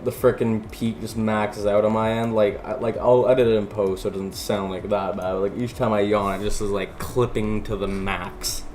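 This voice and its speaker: A young man with a lowish voice rambles loosely over a speed drawing, full of fillers and offhand swearing. He talks into a desk mic at home, with music playing behind him. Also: little pitch movement, moderate pace, few pauses, darkish tone. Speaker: artist narrating his speed drawing. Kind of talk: casual rambling voice-over commentary. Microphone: desk microphone, recorded separately over the video. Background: background music.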